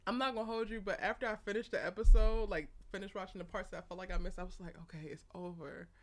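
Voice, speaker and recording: A woman's voice: medium pitch, fairly even intonation, fast, slight background noise. Chatty woman hosting a live stream. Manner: chatty, greets viewers by name, laughs often. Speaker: live show host. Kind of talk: casual live-stream chat.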